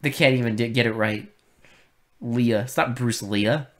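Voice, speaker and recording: A man co-hosting a podcast, chatting casually about a film with deadpan sarcasm and plenty of swearing. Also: mid-range voice, measured pace. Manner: sarcastic, profane, deadpan irony. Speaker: podcast co-host. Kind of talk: casual film review chat.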